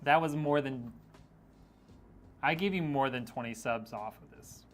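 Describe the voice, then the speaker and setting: A man's voice: mid-range voice, measured pace, slight background noise. A man streaming a PC build, chatting casually and reading viewer comments aloud with a joking, teasing manner and frequent laughs.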